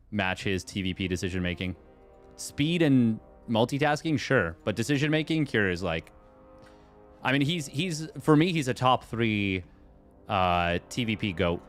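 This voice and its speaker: Casting a strategy game event live, a male esports commentator with a lowish, fairly bright voice talks with his viewers. He responds to chat in a rambling style full of fillers and restarts.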